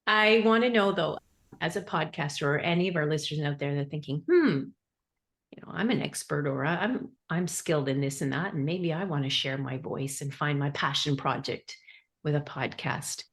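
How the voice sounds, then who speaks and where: Canadian woman host, low voice, bubbly, playful, effusive. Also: moderate pace, fairly bright tone. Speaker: podcast host. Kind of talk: casual interview chat.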